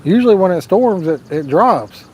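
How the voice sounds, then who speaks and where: A man's voice: high-pitched, lively intonation, moderate pace, mellow, soft background music. A man hosting a live fishing stream outdoors at night, chatting casually and reading out viewer comments. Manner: laid-back, drawling, urges viewers to like and subscribe. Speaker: fishing livestream host. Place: outdoors at a lake at night, storm nearby.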